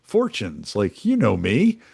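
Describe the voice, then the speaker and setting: A man's voice: on the low side, wildly swooping pitch, slow pace, creaky, a little mellow, breathy edge, no echo, clean studio sound, pitched above the performer's own voice, heavily acted. A man putting on a folksy male oilman politician who cozies up to a rival with sly, backhanded friendliness. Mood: mock-friendly.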